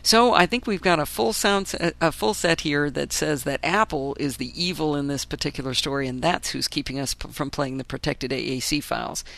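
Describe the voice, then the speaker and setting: A woman hosting a casual solo podcast, chatty and enthusiastic with wry asides, her voice still hoarse after a flu. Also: deep voice, fairly quick, few pauses, a bit bright. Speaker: podcast host.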